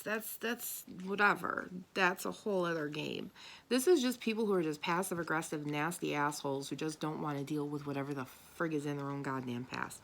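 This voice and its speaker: A woman's voice: on the low side, creaky, fairly bright tone, slight background noise. A woman doing a tarot and spirit reading for an audience, talking bluntly and with emphasis, swearing now and then. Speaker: tarot reader.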